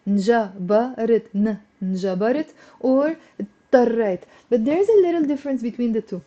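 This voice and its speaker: An Arabic teacher, a woman with a fairly high-pitched, mellow voice, leads a live online language lesson, slowing down and repeating words so her students can follow before coaxing them to answer. The recording's highs are cut off.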